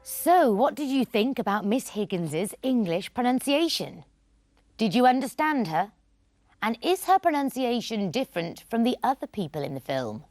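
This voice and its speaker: A woman presenting a scripted English lesson in a clear, teacherly way, glossing phrases in Spanish. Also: fairly high pitch, very animated, moderate pace, a little mellow, dry recording, faint music behind.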